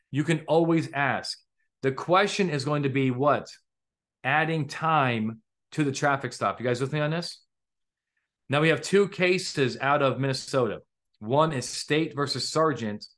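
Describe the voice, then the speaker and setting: A man's voice: medium pitch, fairly bright tone. Man teaching police law live. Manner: conversational, quizzes the audience with questions. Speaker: legal trainer hosting a live police Q&A. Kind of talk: live webinar teaching, casual lecturing.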